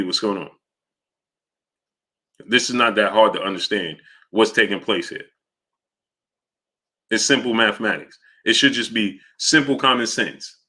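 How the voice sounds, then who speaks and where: A man's voice: on the low side, bright, forceful tone. A man hosting a live stream, arguing with chat, repeating himself and calling out viewers' names. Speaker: boxing live-stream host. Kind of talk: casual live-stream commentary.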